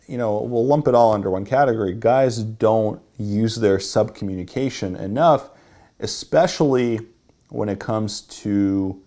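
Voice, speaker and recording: A man's voice: on the low side, warm tone. A man teaching a workshop as a dating coach, explaining and demonstrating how to deliver lines.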